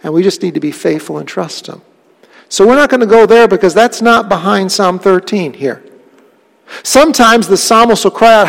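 High-voiced gravelly male preacher. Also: moderate pace, big-room sound. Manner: earnest, conversational, asks the congregation questions. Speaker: pastor. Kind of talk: sermon.

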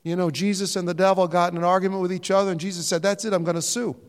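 An older man preaching a sermon, animated and jokey, sometimes mimicking other voices. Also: sits high, racing, clean tone. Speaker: pastor. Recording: reverberant hall sound.

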